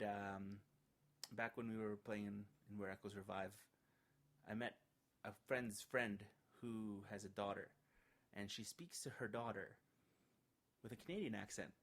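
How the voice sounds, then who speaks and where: A man's voice: on the low side, fairly bright tone. A young man in casual podcast banter who teases his co-host. He laughs often and trips over restarts. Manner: playful, teasing, laughs often, stammering restarts. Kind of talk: casual chat.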